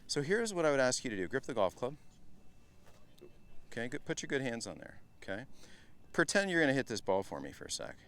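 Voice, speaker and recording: A middle-aged man runs a live golf clinic, speaking with a smooth, resonant voice at a mid pitch. He is chatty and energetic, often turning to the group as "guys". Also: brisk, pauses often. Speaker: golf instructor.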